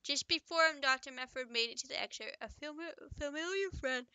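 Chatty woman reading her own story, bright smooth voice, dry close mic. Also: high voice, no echo. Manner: chatty, breaks off to joke and comment. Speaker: author reading own book. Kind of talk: casual story reading with asides.

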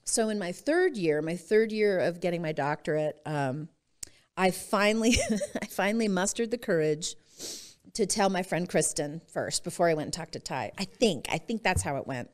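A middle-aged woman with a somewhat low voice tells her personal story as a podcast guest. She speaks expressively and laughs often as she goes. She is from Utah. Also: animated, normal speed, a little mellow.

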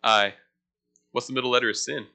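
Fairly quick and steady, his medium-pitched voice has a creaky, sharp tone. The speaker is a young man preaching an informal teaching sermon, chatting with churchgoers, asking them questions and making self-deprecating asides.

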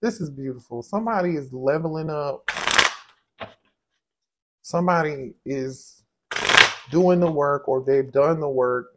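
A man with a fairly high voice gives a casual tarot reading. He is animated and exclaims often. He talks straight to his viewers as if they were friends. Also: a little slow, long pauses, heavy background noise. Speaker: tarot reader.

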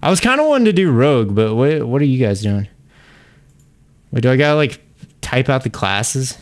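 A man's voice: mid-range voice, very animated, normal speed. A young man streaming a game live, chatting with viewers, laughing, venting frustration and swearing. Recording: faint music behind.

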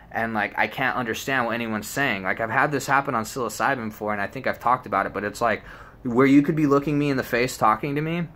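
A man's voice: medium pitch, bright, forceful tone. A young man telling a personal story in a rambling, casual way, full of fillers and swearing. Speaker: vlogger.

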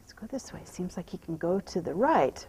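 A woman horse trainer talking out loud while she rides, softly praising the horse and explaining each step. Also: on the low side, big pitch swings, moderate pace, slight background noise, rough recording. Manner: soothing praise to the horse, mixed with quiet running explanation. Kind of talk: narrating while riding.

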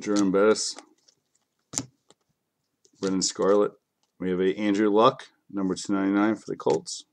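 A man's voice: fairly low pitch, little pitch movement, normal speed, pauses often, a little mellow, slight background noise. A man with kids, a bit sick, hosting a live card break in a casual, joking way and talking to viewers by name. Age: adult, has kids. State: a bit sick, clearing throat.

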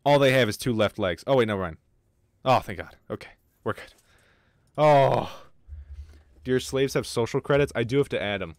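Excitable young man streaming a game. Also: medium pitch, no echo, clean studio sound. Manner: excitable, swearing, quick outbursts of frustration. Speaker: livestreamer. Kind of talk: casual gaming livestream commentary.

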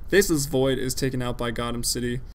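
A man's voice: mid-range voice, fast talker, slight background noise. A man casting an esports draft alone, talking casually and analytically with frequent fillers. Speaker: esports caster. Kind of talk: solo play-by-play commentary.

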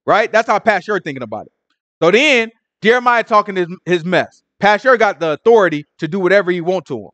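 A man's voice: high voice, no room sound. A man teaching a casual Bible study, acting out the people in the scripture and sometimes stuttering. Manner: animated, acts out scripture figures, stutters.

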